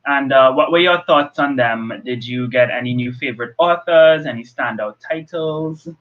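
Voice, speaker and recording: A young man from Trinidad hosting a live video call book chat, relaxed and hesitant with fillers. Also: medium pitch, moderate pace. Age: young adult. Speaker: host. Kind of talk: casual live-stream chat. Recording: dull lo-fi video call audio.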